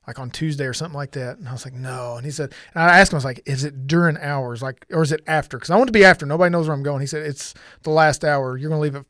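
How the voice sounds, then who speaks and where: A man's voice: a little high, racing, few pauses, a bit bright, dry recording, studio quality. A middle-aged man earnestly telling a personal story on a podcast, rambling and often restarting his sentences. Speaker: podcast guest sharing testimony.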